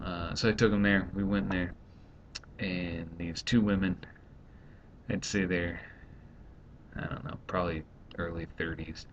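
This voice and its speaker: A man in his thirties, a stay-at-home dad, rambling and exasperated in a casual vlog monologue. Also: creaky. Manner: rambling, exasperated, quickly acts out others. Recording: dull lo-fi home recording, faint rumble.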